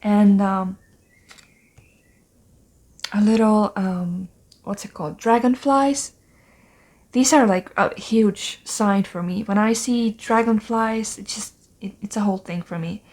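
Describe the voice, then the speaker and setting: A woman giving a spiritual tarot card reading in a soft, halting voice, often slipping into breathy whispers and filling pauses with "like" and "um". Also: mid-range voice. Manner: moved to tears, emotional. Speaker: tarot reader.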